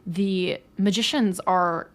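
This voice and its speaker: Her voice is fairly low and slow. She is a podcast co-host in her late twenties, chatting casually about a book and growing bubbly and giggly as she recounts scenes.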